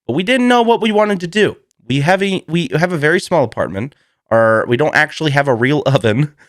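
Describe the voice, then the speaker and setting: A man's voice: on the high side, animated, fairly quick, no echo, studio quality. A man hosting a casual solo podcast, joking and swearing freely and laughing often. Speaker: podcast host.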